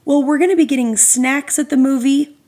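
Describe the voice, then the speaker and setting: A woman puts on a flustered mother who stays politely sweet while urgently trying to leave. The voice is pitched high above the speaker's own and keeps a courteous, hurried push. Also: warm tone, natural voice.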